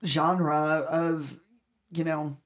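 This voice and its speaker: A woman therapist in casual podcast chat, emphatic and animated when telling stories. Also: deep voice, drawn-out words. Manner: animated storyteller, emphatic lists. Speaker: therapist, co-host.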